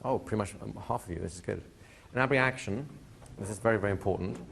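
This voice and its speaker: A man teaching a hypnosis class to a live audience, talking in a relaxed way and slowing into soft hypnotic suggestions. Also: on the low side, vocal fry, a little hiss or hum. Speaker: hypnosis trainer. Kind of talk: live training lecture. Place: training room with a seated audience.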